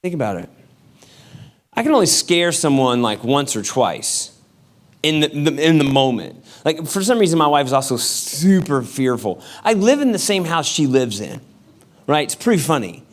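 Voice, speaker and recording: A male pastor delivers a relaxed sermon, telling funny personal stories. His voice sits a little high for a man. He speaks to the congregation like friends, mixing jokes with his point. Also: moderate pace. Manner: casual, humorous storytelling with acted-out quotes.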